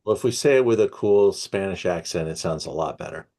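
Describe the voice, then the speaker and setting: A man's voice: low-pitched, animated, a little fast, warm tone. A man hosting an educational wine session, easygoing and hesitant with many fillers. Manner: easygoing, with many ums and uhs. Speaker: wine shop host.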